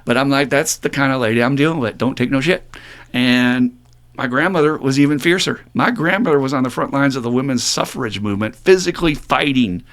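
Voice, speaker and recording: A middle-aged man of middle pitch talks on a recovery podcast in a blunt, profane, animated way. He tells his stories with feeling and slips into higher, mocking voices when he quotes people. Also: brisk. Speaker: podcast co-host. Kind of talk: casual podcast talk.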